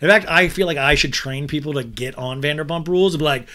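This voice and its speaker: Bright-voiced man, chatty comedic recap. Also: on the high side, quick pace. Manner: chatty and crude, acting out the cast's lines in mock voices. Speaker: podcast host recapping a reality show.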